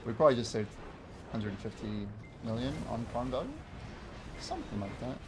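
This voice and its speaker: A man's voice: medium pitch, expressive, normal speed, noisy background. A man chatting casually while livestreaming a game, answering viewer chat and laughing often. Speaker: game streamer. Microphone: wears headphones while streaming.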